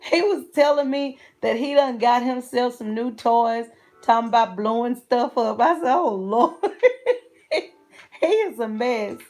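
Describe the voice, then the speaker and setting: Middle-aged woman, livestream host, high voice, slow unhurried pace, giggles constantly. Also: animated, a little mellow, faint music behind. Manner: giggly, laughs often between phrases. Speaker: channel host. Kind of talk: casual livestream chat.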